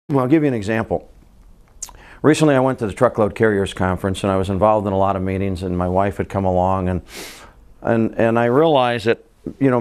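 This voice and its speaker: A man's voice: on the low side, a little mellow. A man in his fifties hosting a podcast, talking earnestly in a casual monologue, telling stories and asking himself rhetorical questions. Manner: earnest, storytelling with repeated restarts. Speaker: podcast host.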